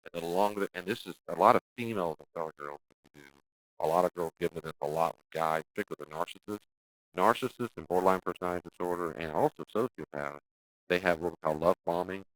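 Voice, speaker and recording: A man with a very low voice, recorded dry and close, teaches a church class as its pastor. He talks directly and casually, often restarting his sentences, and breaks into exaggerated voices when he acts out what people say. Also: no room sound, poor audio. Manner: lively, acts out quoted speech in exaggerated voices; direct, conversational, with frequent restarts.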